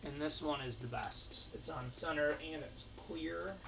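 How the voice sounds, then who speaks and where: Recorded from a distance with slight background noise, a hockey card collector from Michigan, U.S., chats as he sorts and counts cards aloud for his channel. His voice is fairly high, gravelly, bright and forceful, and he takes his time.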